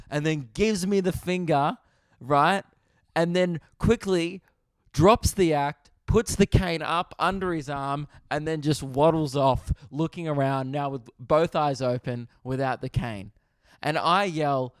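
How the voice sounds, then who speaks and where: A young Australian man hosting a podcast, telling a comedic story with animated swearing and laughter. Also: fairly high pitch, measured pace, clear, resonant tone, no room sound, clean studio sound. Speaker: podcast host.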